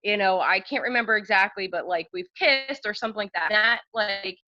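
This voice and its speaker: A young woman, a podcast guest, telling candid stories in a loose, animated way with lots of fillers. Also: mid-range voice, quick pace. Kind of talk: casual storytelling chat. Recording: dull lo-fi podcast audio.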